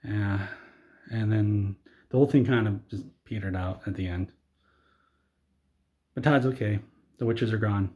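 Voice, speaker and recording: A man telling an absurd comedic story in a rambling, deadpan way. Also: fairly low pitch, measured pace, pauses often, dull audio.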